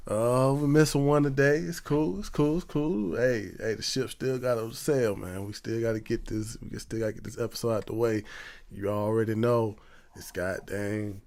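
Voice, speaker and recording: A man's voice: on the low side, creaky, a little mellow. A man hosting a podcast, opening the episode in slangy, upbeat casual chat. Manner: hypes the show, slangy and upbeat. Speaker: podcast host.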